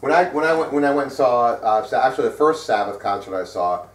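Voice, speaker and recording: A middle-aged man with a medium-pitched, animated voice talks quickly as co-host of a casual heavy metal news chat. He rambles, swears, and fills his speech with fillers, and the distant mic gives the sound a roomy quality.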